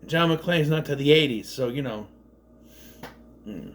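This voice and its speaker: A man's voice: mid-range voice, lively intonation, a little slow. A man giving a casual, rambling movie recap, laughing at the gags and acting out quoted lines. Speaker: movie reviewer.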